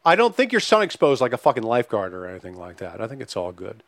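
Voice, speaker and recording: Animated podcast host man, lively pitch. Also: quick pace, no echo, clean studio sound. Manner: animated, profane, reads listener questions. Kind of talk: casual podcast chat.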